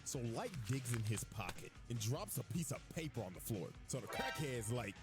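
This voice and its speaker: A man's voice: medium pitch, sing-song, normal speed, hardly any pauses, over loud music. A man hosting a reaction channel, telling a crude, jokey comedic recap of an anime plot.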